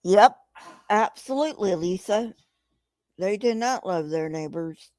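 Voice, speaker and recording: A woman's voice: mid-range voice, lively intonation, unhurried, a little mellow, no room sound. A woman hosting a casual livestream, talking to her chat in an emphatic, profane, agitated way. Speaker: livestream host reading chat.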